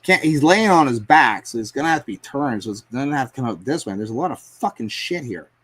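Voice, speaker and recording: A man's voice: medium pitch, expressive, quick pace, breathy edge. A man live streaming as he paints, rambling to himself and his chat in a casual, profane way. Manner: rambling, talks to himself and chat, swears often.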